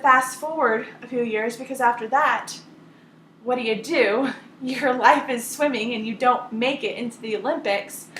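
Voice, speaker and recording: A woman retelling a story on a team call, talking in an animated way and acting out the voices of the people in it. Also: a little high, roomy sound, slight background noise.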